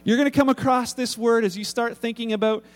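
A man's voice: very high-pitched, steady tone, brisk, big-room sound. A man preaching a sermon as a pastor, in a casual, humorous storytelling way with frequent restarts.

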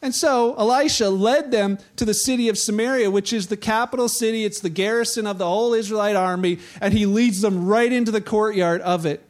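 High-voiced pastor telling a story. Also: male voice, fairly quick, few pauses. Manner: animated storytelling, acts out voices. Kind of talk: conversational sermon.

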